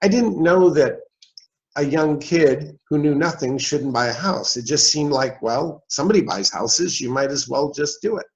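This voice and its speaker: Man in his sixties, animated storyteller. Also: on the high side, normal speed, vocal fry. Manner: animated storyteller, acts out dialogue. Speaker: guest, real estate investor. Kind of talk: storytelling in an interview. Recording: dull, slightly lo-fi sound.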